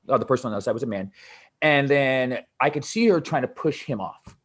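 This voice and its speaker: A man who works as a DJ, telling a personal story in an animated way with halting restarts. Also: mid-range voice. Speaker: DJ asking a question.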